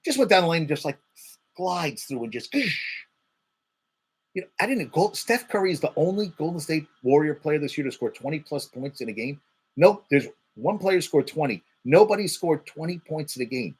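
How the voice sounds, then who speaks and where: A man's voice: fairly high pitch, animated, normal speed, breathy edge. A man hosting a casual sports talk show, rattling off stats, getting heated and swearing, repeating words for emphasis. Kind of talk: casual sports commentary monologue.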